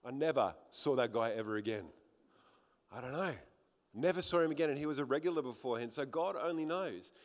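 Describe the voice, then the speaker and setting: A man's voice: medium pitch, expressive, brisk. A middle-aged Australian man preaching a sermon, telling his own story earnestly and repeating phrases for emphasis. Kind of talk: sermon with personal testimony. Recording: long hall reverb.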